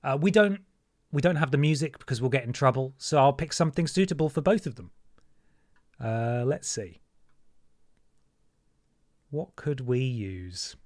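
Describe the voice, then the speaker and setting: A man's voice: mid-range voice, lively intonation, normal speed, pauses often, darkish tone, dry recording, studio quality. A man chatting casually to his viewers while he streams a wrestling video game, joking as he goes. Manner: chatty, jokey, talks to chat and mods. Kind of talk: casual live-stream commentary.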